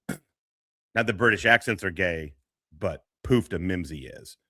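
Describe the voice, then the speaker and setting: A man's voice: sits low, expressive, takes it slowly, sharp tone, no echo, clean studio sound. A man doing rambling, profane reaction commentary as a streamer, laughing often and jumping between thoughts.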